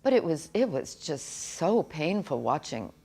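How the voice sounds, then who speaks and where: Middle-aged woman, lowish voice with some fry, earnest and halting, interview-style personal account. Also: very animated, mellow. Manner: earnest, halting, with frequent restarts. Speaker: author interviewee.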